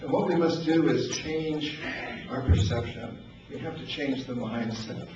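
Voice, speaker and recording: An older man from New Hampshire tells personal stories in a relaxed, anecdotal way, chuckling often and repeating words as he goes. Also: fairly high pitch, unhurried. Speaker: speaker telling stories. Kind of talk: storytelling talk. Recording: echoey distant lo-fi with noise.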